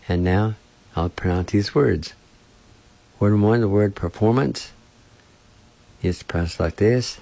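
Slow, deliberate man teaching pronunciation. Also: on the low side, warm tone. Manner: slow, deliberate, sounds out each syllable. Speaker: language teacher. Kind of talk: radio language lesson.

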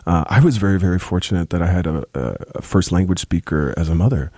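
A young adult man with a deep, gravelly voice, speaking as an interview guest in a thoughtful, halting way with many restarts. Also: warm tone, no room sound, clean studio sound. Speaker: musician guest. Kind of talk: casual interview talk.

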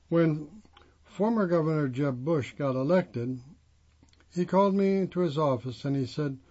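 Male reader, slightly higher voice, steady phrase-by-phrase read; dull lo-fi recording. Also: normal speed. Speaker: reader of a magazine profile. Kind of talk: reading a first-person profile aloud.

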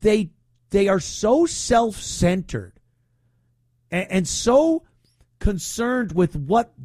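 A man's voice: high-pitched, a little mellow, no room sound, clean studio sound. A man hosting talk radio, speaking in a mocking, opinionated way. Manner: mocking, puts on whiny voices to ridicule. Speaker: radio talk show host.

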